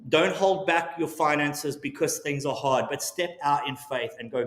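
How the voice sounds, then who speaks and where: A man's voice: on the high side, moderate pace, few pauses, fairly bright tone, reverberant. Upbeat man hosting a quiz. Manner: upbeat, encouraging, preacherly. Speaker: church quiz host. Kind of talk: live-streamed quiz and appeal.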